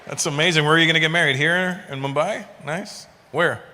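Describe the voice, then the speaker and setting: A man's voice: fairly high pitch, fairly even intonation, a little fast, in a large hall. A middle-aged man doing stand-up crowd work, brash and teasing, swearing freely as he quizzes audience members. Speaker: stand-up comedian. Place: live comedy venue with audience. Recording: live show with loud crowd and room noise.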